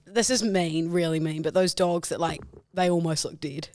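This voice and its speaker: An Australian co-host on a casual podcast, teasing the other host and offering jokes. The voice is mid-pitched and dry, recorded close. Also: fairly even intonation, normal speed, a little mellow, no echo. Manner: teasing, playful banter. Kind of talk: casual chat.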